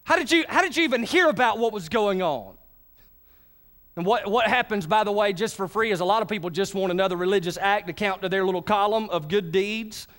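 Preaching with energy, this pastor has a high voice and speaks a little fast. Throughout the sermon he calls on the congregation to respond.

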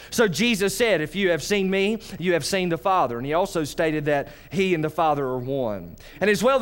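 Animated preacher man. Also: high-pitched. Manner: animated preaching, addresses congregation directly. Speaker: pastor. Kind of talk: sermon.

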